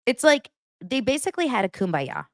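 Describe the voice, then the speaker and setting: A woman's voice: a little high, very animated, a little fast, no room sound, studio quality. A woman hosting a pop-culture commentary show, ranting in a blunt, sarcastic, exasperated way. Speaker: host.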